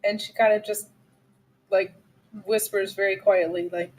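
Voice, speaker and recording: A woman playing a tabletop game, softly and hesitantly describing her character's actions with many restarts. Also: medium pitch, steady tone, brisk, soft background music, poor audio. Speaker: player.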